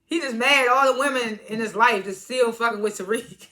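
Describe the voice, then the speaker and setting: A woman casually recapping a TV episode in animated, slangy storytelling, laughing often as she talks. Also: a little high, fairly quick. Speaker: TV show reviewer.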